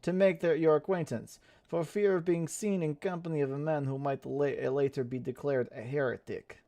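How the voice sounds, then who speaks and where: A man's voice: on the high side, steady tone, normal speed, mellow, natural voice. A man voicing a formal, courtly game quest giver in a put-on Russian accent, reading the text aloud and stumbling over some words. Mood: grave formal.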